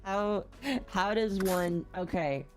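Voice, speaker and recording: A woman's voice: medium pitch, slow pace, a little mellow, soft background music. A woman hosting a game stream, chatting casually and teasing her guests with frequent giggles. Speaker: streamer host. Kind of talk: casual chat while gaming.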